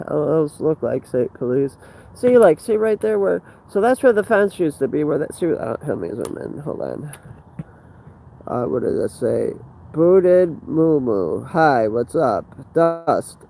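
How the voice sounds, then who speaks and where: A man's voice: on the high side, gravelly, dark tone, poor audio. A man livestreaming outdoors on a handheld phone, rambling in an agitated, profane way with stumbling restarts. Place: outdoors by a fenced facility.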